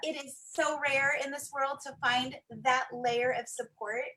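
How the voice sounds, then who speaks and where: A woman's voice: high-pitched, steady tone, a little slow, sharp tone. A woman hosting a coaching chat, gushing and effusive, who is easily moved.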